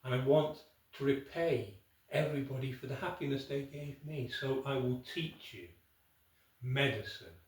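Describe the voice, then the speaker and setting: A man voicing a sorrowful woman from the lake who has second sight, speaking low, quiet and grave. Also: measured pace, lightly acted. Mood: solemn. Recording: echoey room, from far off.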